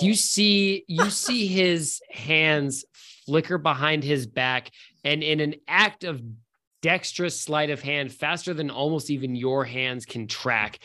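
Relaxed tabletop game master. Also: medium pitch. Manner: relaxed, descriptive, hesitant.

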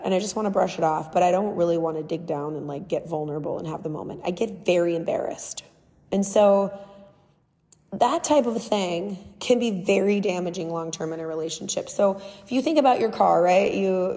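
A woman's voice: medium pitch, mellow, big-room sound. A young woman talking casually and candidly on her own podcast, earnest and emphatic. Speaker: podcast host. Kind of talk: casual solo podcast talk.

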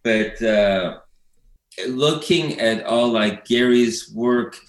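A man's voice: medium pitch, very slow. A man chatting casually as a guest, loose and rambling, with lots of fillers and restarts. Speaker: documentary filmmaker guest. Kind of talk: casual conversation. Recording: roomy echo.

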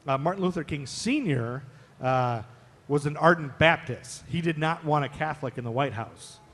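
Recorded with the lingering reverb of a live stage, a podcast co-host from Ohio chats playfully through history stories. His voice runs a bit high and a bit bright, and he keeps a moderate pace.

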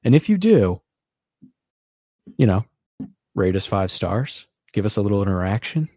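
Male podcast host, low-ish voice, sarcastic and rambling, dry recording. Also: very animated, measured pace, dark tone, no room sound. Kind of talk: casual podcast chat.

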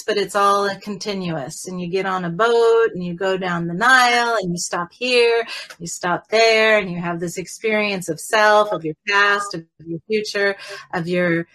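A woman teacher leading a guided meditation in a gentle, rambling way, often adding "right?" and slowing down and softening as she guides the breathing. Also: medium pitch. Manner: rambling, with many fillers and tag "right?".

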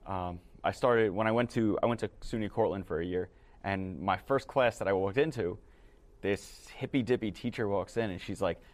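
A man's voice: fairly low pitch, normal speed. A young man from New York, a guest on a political chat, speaking emphatically and indignantly.

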